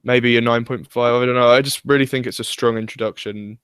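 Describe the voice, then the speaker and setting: A man's voice: mid-range voice, steady tone, a little fast, a bit bright, smooth, no echo, studio quality. A young man giving his opinions in a casual review chat, hesitant and filler-heavy. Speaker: guest reviewer.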